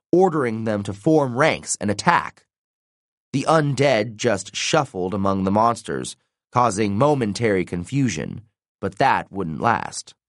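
In an expressive, dramatic reading, a man with a deep voice narrates an audiobook from a script, taking his time and letting his pitch swing for effect. It's recorded up close, completely dry, without any room echo.

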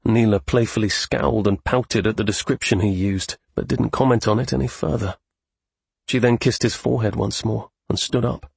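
Gravelly, husky male storyteller. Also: fairly low pitch, normal speed, no echo. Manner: steady storytelling. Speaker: narrator. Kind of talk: scripted audiobook narration.

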